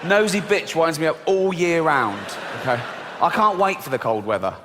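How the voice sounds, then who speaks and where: A middle-aged man performing a deadpan stand-up comedy routine on a theatre stage, swearing freely and putting on squeaky voices for children. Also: moderate pace. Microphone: stage microphone. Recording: live show recording with long hall reverb and faint background noise. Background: live audience laughter.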